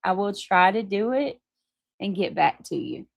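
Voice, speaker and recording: A woman hosting a casual livestream, chatting with viewers and reading their comments, warm toward them and quick to apologize. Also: medium pitch, big pitch swings, vocal fry, no room sound, clean studio sound. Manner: chatty, apologetic, laughs easily, restarts often. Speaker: livestream host.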